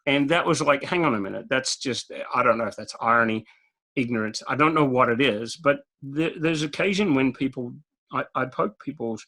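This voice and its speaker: Direct Australian man with a gravelly voice. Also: medium pitch, moderate pace, sharp tone, rough recording. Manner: direct, storytelling, chuckles often. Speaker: guest speaker. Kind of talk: casual interview chat.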